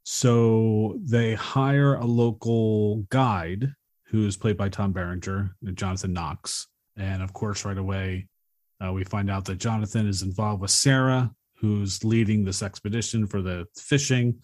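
A man's voice: on the low side, steady tone, measured pace, darkish tone. A man co-hosting a podcast, casually recapping a movie plot in a rambling way. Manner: rambling, retells scenes with acted quotes. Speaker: podcast co-host.

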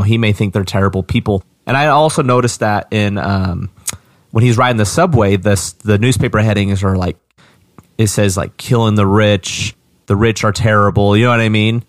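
Low-voiced man in relaxed film chat. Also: no room sound, studio quality. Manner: easygoing, halting, repeats words. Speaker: podcast co-host. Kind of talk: casual movie discussion.

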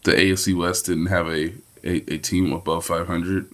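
A man co-hosting a casual sports podcast, relaxed and teasing. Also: low voice, normal speed.

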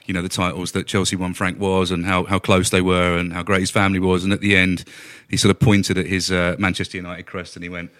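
A man guesting on a football podcast, telling stories in a rapid, self-mocking way. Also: deep voice, flat delivery, fairly bright tone, dry recording. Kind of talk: casual football chat.

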